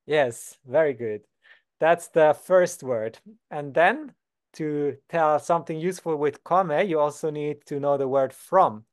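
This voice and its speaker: A young Swiss man teaching beginners basic German, calm and patient, slowing down to model each word. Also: fairly high pitch. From Switzerland. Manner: patient, slows down to model words. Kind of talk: beginner language lesson.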